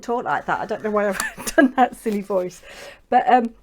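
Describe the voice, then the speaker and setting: A woman's voice: medium pitch, expressive, normal speed, a little hiss or hum. A woman hosting a papercraft channel, talking through her work in a rambling, chatty way and adding lots of tag questions. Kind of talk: chatty crafting vlog.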